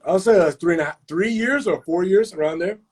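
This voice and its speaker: A man's voice: high-pitched, a little fast, husky. A man hosting a casual live-stream chat, telling stories in heavy slang with constant swearing. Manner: profane, animated storytelling with slang.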